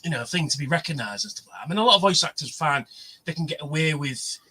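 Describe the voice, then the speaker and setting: Bright, chatty man. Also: on the high side, expressive, quick pace, slightly rough, rough recording. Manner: rambling, chatty storyteller with many fillers. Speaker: livestream co-host. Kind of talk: casual chat. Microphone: livestream mic.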